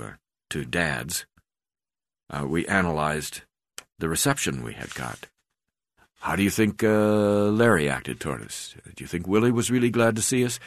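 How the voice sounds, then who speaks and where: A man reading his memoir aloud, in a halting way with frequent hesitations. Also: low voice, no room sound, studio quality. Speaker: memoir narrator.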